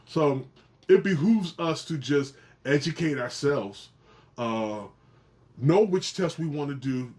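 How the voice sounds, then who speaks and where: A middle-aged man hosting his own genealogy video, explaining casually to camera in an animated way, often repeating and restarting phrases and swinging his pitch up for emphasis. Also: normal speed.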